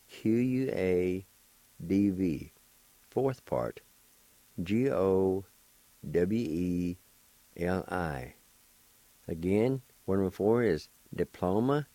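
Male radio host, dark mellow tone, unhurried teacher sounding out each syllable. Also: low voice, no room sound. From United States. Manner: patient, spells out letters and syllables one by one. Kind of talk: slow spelled-out language lesson.

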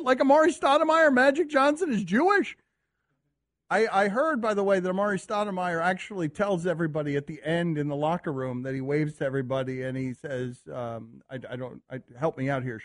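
A man hosting a sports radio show, excitable and mocking, often laughing as he talks. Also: high voice, fairly quick.

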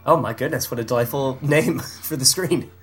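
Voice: medium pitch, normal speed, soft background music. A podcast co-host in casual chat who riffs playfully on made-up movie plots, laughing often. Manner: playful, rambling, laughs often while riffing.

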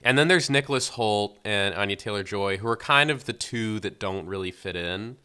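A young man co-hosting a podcast, casually recapping a film plot in a relaxed, filler-heavy way. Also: lowish voice, normal speed, clear, resonant tone. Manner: relaxed storytelling, many fillers. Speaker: podcast co-host. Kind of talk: casual film review chat.

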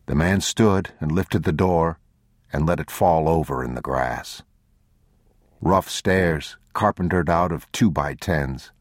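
A man narrating an audiobook in a measured, grave, unhurried way, on a close studio mic. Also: very deep voice, no room sound. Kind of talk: scripted narration.

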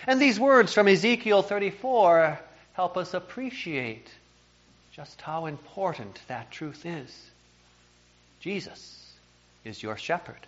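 A man with a fairly high voice preaches a sermon, earnest and emphatic, now and then stumbling over a repeated word. The recording is dull and lo-fi, made in a church. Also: animated, takes it slowly, fairly bright tone. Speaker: pastor.

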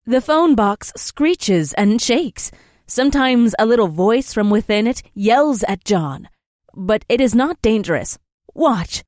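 Man voicing a young princess, high lively voice, patient measured explaining, dry close mic. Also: dry recording. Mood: patient matter-of-fact. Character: regal young female princess, calm and patient. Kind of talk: audiobook character voice.

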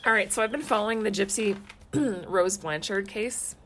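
A woman's voice: mid-range voice, normal speed, fairly bright tone. Woman in her thirties, chatty co-host, laughs a lot, casual filler-heavy talk, faint background noise. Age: 30s. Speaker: podcast co-host, mother. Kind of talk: casual chat.

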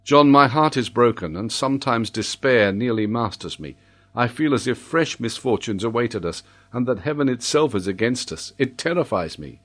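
A man's voice: medium pitch, lively intonation, moderate pace, natural voice. A man voicing a grieving, anxious nobleman in an audiobook, speaking tensely and brooding. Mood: despairing.

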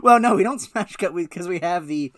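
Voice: medium pitch, lively intonation, fairly quick. Swearing comedy podcast co-host. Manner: swears freely, acts out scenes. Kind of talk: casual comedy chat.

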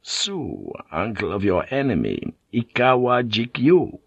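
A man narrating an audiobook in a measured, even manner. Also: lowish voice, creaky, husky, no echo, dull audio. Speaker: audiobook reader. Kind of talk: scripted narration.

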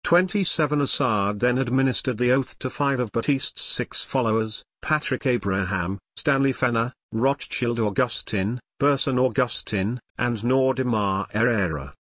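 A man reading nonfiction narration in a measured, matter-of-fact way. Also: mid-range voice, a bit bright, slightly rough, dry recording, clean studio sound.

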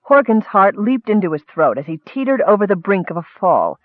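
A man's voice: high-pitched, big pitch swings, fairly quick, no echo. A man narrating an audiobook, with scholarly asides addressed to a superior, heard through a thin, phone-like recording.

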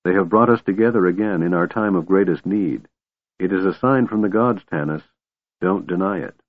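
A man voicing a gentle, faithful woman priestess, in a tinny audiobook recording. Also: low voice, normal speed.

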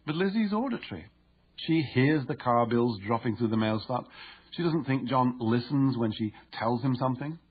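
Man, audiobook narration, husky, measured, dull lo-fi sound. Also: medium pitch, expressive. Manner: measured, explanatory. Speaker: author and narrator.

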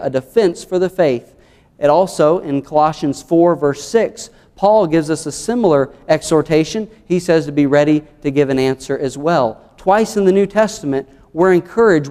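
A man's voice: a little high, warm tone, big-room sound. A man with a Southern American accent, an earnest pastor preaching a sermon through numbered points and scripture. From United States.

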